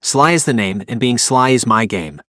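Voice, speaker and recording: A man's voice: medium pitch, lively intonation, normal speed, fairly bright tone, no echo, natural voice. Narrator doing a cocky gadget guy bragging, playful and showy, dry sound. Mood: boastful.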